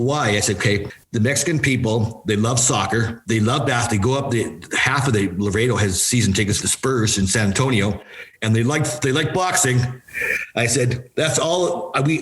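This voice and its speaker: An older man with a somewhat low voice spins long stories as an interview guest. He acts out quoted lines from other people and keeps repeating words for emphasis. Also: rough recording. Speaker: guest, former hockey player and coach. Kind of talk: storytelling interview answers.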